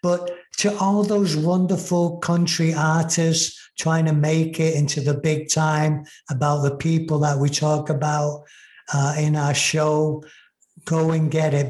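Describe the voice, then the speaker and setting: A man's voice: on the high side, level tone, a little mellow. Enthusiastic English-born man in an echoey room. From England. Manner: rambling, enthusiastic, drawn-out emphasis. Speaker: podcast co-host. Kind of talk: casual podcast sign-off.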